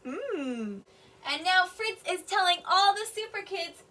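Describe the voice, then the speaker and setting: Bright, singsong kindergarten teacher reading aloud. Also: female voice, very high-pitched, sing-song. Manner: slow, deliberate, explains each sentence simply. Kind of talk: reading a picture book aloud to young children. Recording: voice a bit distant from the mic.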